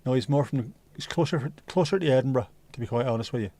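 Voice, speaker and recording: A man's voice: medium pitch, quick pace, dark tone, no echo. A man hosting a livestream, chatting casually and reading out viewer comments in a rambling way, with the odd swear. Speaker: livestream host.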